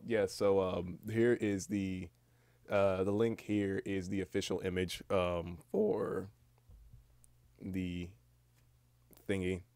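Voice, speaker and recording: A man's voice: deep voice, gravelly, a little mellow, clean tone, no room sound. A young man, just woken up, rambling through a casual stream chat with a cracking voice and lots of restarts. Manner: rambling, many fillers and restarts, swears casually. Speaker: livestreamer.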